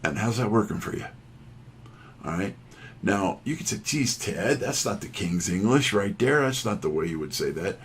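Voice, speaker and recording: A man's voice: sits low, animated, normal speed, slight background noise. A middle-aged man, a sales trainer, telling folksy, self-deprecating stories from his career. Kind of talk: storytelling talk.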